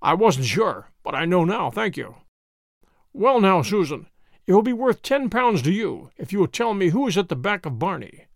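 A man voicing a crisp, sharp-witted, teasing detective in a storybook reading. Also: sits high, sing-song, moderate pace, no echo, studio quality, exaggerated voice.

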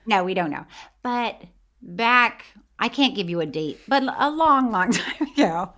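A woman's voice: mid-range voice, lively intonation, measured pace, a bit bright. A woman co-hosting a podcast in casual chat, chatty and laughing often. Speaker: podcast co-host.

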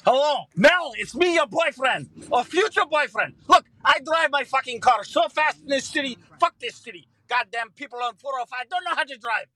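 A man voicing a brash, impatient would-be boyfriend in a voicemail, shouting and cursing in a vague put-on foreign accent. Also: very high voice, lively intonation, normal speed, hardly any pauses, full character voice, poor audio. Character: brash impatient male driver wooing a woman. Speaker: voicemail caller.

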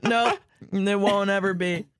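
A woman's voice: medium pitch, steady tone, unhurried, dry recording, clean studio sound. A woman co-hosting a podcast, reading a story aloud and cracking sardonic, swearing jokes at it. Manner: wry, swearing, laughs at her own jokes. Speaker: podcast co-host.

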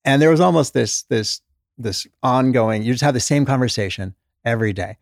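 In a studio-quality recording with no room sound, a middle-aged man talks at normal speed in a mid-range voice touched with vocal fry. A former doctor and author, he's a guest in a conversational interview, telling stories and animatedly acting out the voices of the patients he quotes.

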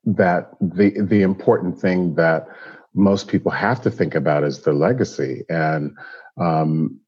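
A man's voice: sits low, unhurried, breathy edge, dull audio. A man who owns hair salons, answering interview questions and telling stories animatedly. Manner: animated storyteller, acts out quoted voices. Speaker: hairstylist and salon owner.

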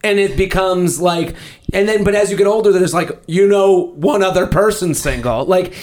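A man's voice: high-pitched, moderate pace, a little mellow. A man hosting a podcast in casual comedic chat, rambling through stories and swearing freely. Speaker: podcast host.

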